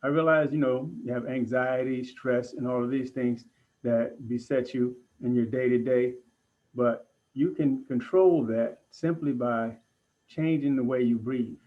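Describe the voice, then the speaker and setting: Guy leading breathwork class, calm and deliberate, middle pitch, kinda dull lo-fi audio. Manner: calm, deliberate instruction with pauses. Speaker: breathwork instructor. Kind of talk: guided breathing lesson.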